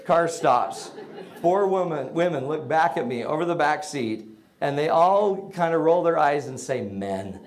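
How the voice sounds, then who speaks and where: A middle-aged man giving a humorous storytelling talk about parenting to an audience, comic and animated, breaking into shouted bursts. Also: fairly high pitch, a little slow.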